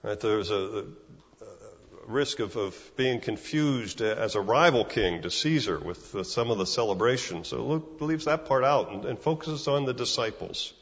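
A man's voice: medium pitch, lively intonation, moderate pace, in a large hall, muffled recording. A man preaching a sermon in a conversational way, often repeating words and asking "right?". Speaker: pastor.

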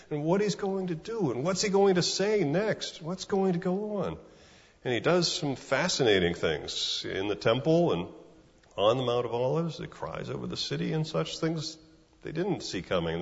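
A man's voice: medium pitch, dull audio. Man preaching in a reverberant hall. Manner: conversational, repeats words, asks "right?". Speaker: pastor. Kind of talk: sermon.

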